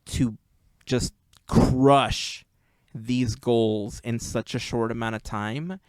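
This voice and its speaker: A podcast host with a medium-pitched voice chats casually, telling drawn-out stories and laughing easily. There's no room sound on the recording.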